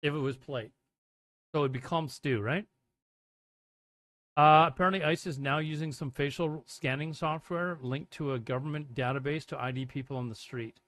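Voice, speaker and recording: At a normal speed and in a slightly high, fairly bright voice, a man casually rambles on his livestream, reading out chat messages and answering them. It is a dry recording.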